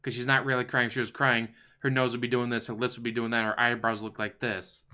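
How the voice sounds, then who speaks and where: A man's voice: mid-range voice, flat delivery, fast, bright, forceful tone, clear, resonant tone. A man hosting a casual livestream, commenting on videos in a profane, sarcastic, mocking way. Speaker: stream host.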